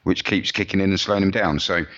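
A man's voice: low-pitched, steady tone, fast talker, fairly bright tone, lo-fi sound. A man co-hosting a podcast who talks about motorbike racing in a rambling, chatty way, often restarting his sentences. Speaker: podcast co-host. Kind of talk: casual motorsport chat.

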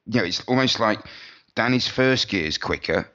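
A man's voice: fairly low pitch, animated, moderate pace, bright, forceful tone, muffled recording. A man co-hosting a podcast who talks about motorbike racing in a rambling, chatty way, often restarting his sentences. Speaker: podcast co-host. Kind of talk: casual motorsport chat.

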